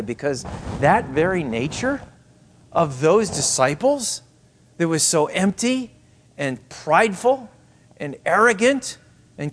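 A man preaching a sermon as pastor, emphatic and repetitive, sometimes dropping to soft asides. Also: fairly high pitch.

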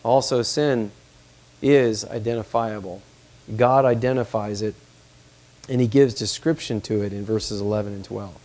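A man's voice: lowish voice, fairly even intonation, normal speed, a little mellow. A man preaching a sermon, reading scripture aloud and pressing his points with emphasis. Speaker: pastor.

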